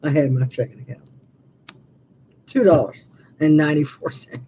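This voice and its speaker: A woman's voice: low-pitched, normal speed, warm tone, a little hiss or hum. A woman in her sixties chatting casually from her living room, telling rambling stories with many restarts. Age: 60s. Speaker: vlogger. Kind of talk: casual live-stream chat.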